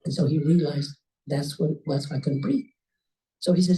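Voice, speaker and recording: A woman at a club meeting telling a personal story in a lively, conversational way, often jumping up in pitch for emphasis. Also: moderate pace. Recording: voice a bit distant from the mic.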